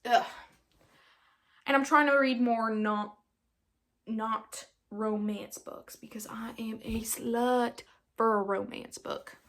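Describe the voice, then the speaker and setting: A woman's voice: a little high, steady tone, slow, pauses often, fairly bright tone, slight background noise. A nineteen-year-old woman hosting her own podcast, chatting casually in a rambling, giggly, self-mocking way and putting on an accent now and then. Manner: puts on an accent in places. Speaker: podcast host. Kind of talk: casual solo podcast chat.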